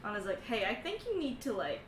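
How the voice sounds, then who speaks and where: A woman narrating as game master of a tabletop game, excitable and laughing as she voices the characters. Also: on the high side, brisk, reverberant, recorded from a distance, background noise.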